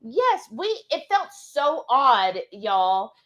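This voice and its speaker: A woman's voice: on the high side, very animated, a little slow, fairly bright tone. A woman co-hosting a live cooking stream, chatting casually and reading viewer comments aloud. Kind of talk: casual live cook-along chat.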